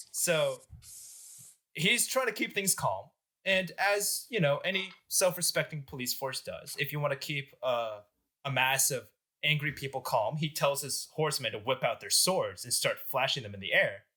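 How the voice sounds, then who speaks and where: A young man hosting a podcast, telling a history story with animated jokes and lots of filler words. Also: medium pitch, moderate pace. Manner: animated, joking, filler-heavy. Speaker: podcast host. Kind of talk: casual history storytelling among friends.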